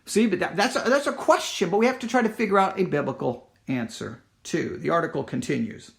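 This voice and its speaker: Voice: medium pitch, brisk, gravelly. A Christian commentator reads a news article aloud and comments on it in an emphatic, impassioned way, with frequent restarts and acted-out quotes.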